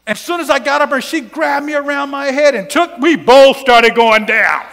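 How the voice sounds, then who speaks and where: A man preaching a sermon, telling a personal story with laughs and sudden shouts. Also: very high-pitched, moderate pace, creaky, big-room sound, a little hiss or hum.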